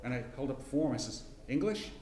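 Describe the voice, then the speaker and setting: A middle-aged man teaching a casual Bible class, folksy and rambling, with frequent restarts and throat clearing. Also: medium pitch, fairly even intonation, very fast, echoey room, noisy background. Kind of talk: casual Bible lesson with personal story. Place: church classroom.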